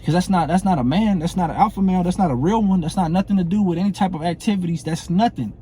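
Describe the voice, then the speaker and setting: Heated man, mellow tone. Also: high-pitched, fast talker, slight background noise. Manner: heated, blunt, profane, repeats phrases and asks "you know what I'm saying". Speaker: former prison inmate calling out a comedian. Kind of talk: confrontational monologue to camera.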